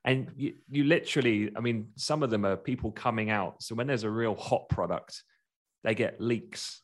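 Low-voiced man chatting about markets. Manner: chatty, laughs while talking, quick asides. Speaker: market commentator. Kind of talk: casual market chat.

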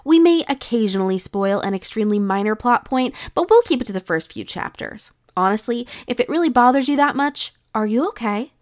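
Woman host, scripted teasing intro, bright lively pitch. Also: brisk, few pauses, dry recording, studio quality. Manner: mock-serious, teasing delivery. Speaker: podcast host.

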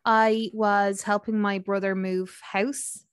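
A woman's voice: medium pitch, little pitch movement, takes it slowly, clean tone, no room sound, studio quality. A woman co-hosting a podcast in casual chat, rambling with lots of fillers. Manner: chatty, rambling with many fillers. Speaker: podcast co-host.

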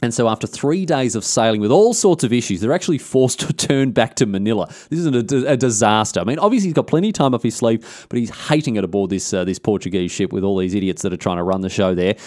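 A man's voice: on the low side, expressive, fast talker, hardly any pauses, darkish tone, dry recording, studio quality. An Australian man hosting a podcast, telling history in a casual, slangy, irreverent way. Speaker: podcast host.

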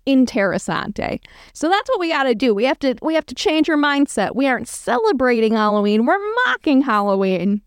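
A woman's voice: sits high, sing-song, a little fast, few pauses, clean tone, dry recording, studio quality. A woman giving casual, sarcastic reaction commentary, reading a blog aloud and joking about it. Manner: sarcastic, amused, reads aloud and riffs.

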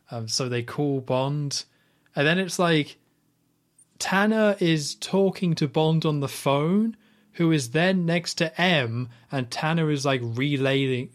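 A man hosting a podcast, casually retelling film scenes at length, with lots of "like" and restarts. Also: mid-range voice. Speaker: podcast host. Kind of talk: casual film recap chat.

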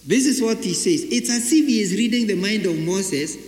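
A man preaches in a high voice, pressing each point with rhetorical questions and repeated phrases. His sermon rings through a roomy church hall with a long, trailing echo. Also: expressive, moderate pace, darkish tone. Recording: echoey hall reverb.

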